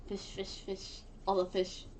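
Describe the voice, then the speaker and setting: A woman's voice: medium pitch, completely flat delivery, a little slow, a little mellow, a little hiss or hum. A woman on a live stream, playful and easily distracted, working through Japanese words in casual chat.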